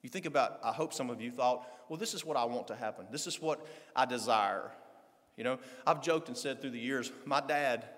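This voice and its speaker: A male pastor preaching a sermon, swinging between loud, fervent passages and low conversational asides. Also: a little fast, big-room sound.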